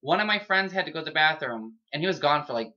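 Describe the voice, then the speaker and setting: A woman's voice: low voice, expressive, quick pace, muffled recording. A woman co-hosting a podcast, telling stories in loose, crude casual chat and acting out the voices of the people in them. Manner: loud storytelling, acts out voices, swears freely. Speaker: podcast co-host.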